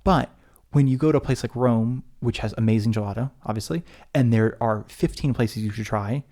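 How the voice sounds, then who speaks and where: Guy cohosting a chatty podcast, talks fast and jokey, mellow voice. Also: mid-range voice. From United States. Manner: animated, joking, rambling with restarts. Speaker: podcast co-host. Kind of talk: casual chat.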